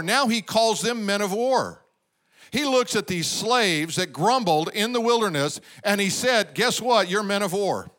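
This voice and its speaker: A man's voice: fairly high pitch, a bit bright. A man preaching a sermon, drawing out the crowd with asides and acting out quotes. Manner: preaching with call-and-response asides and acted-out quotes. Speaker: pastor.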